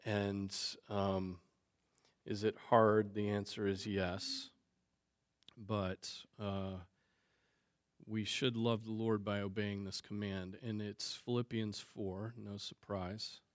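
A man leading a Bible discussion, thinking aloud at a measured pace with frequent fillers. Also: fairly low pitch, little pitch movement, no echo, clean studio sound. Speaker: Bible teacher. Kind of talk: teaching discussion on Scripture.

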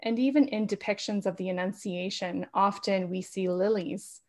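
A woman who is a podcast guest in a casual interview, talking fast and laughing often. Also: medium pitch, steady tone, darkish tone. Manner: talks fast with frequent laughs.

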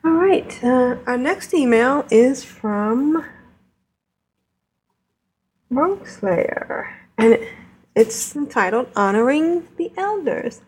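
A woman hosting a gaming podcast, bubbly and giggly, reacting quickly to her co-hosts. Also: sits high, lively intonation, darkish tone, breathy edge. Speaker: podcast host. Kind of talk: casual podcast chat.

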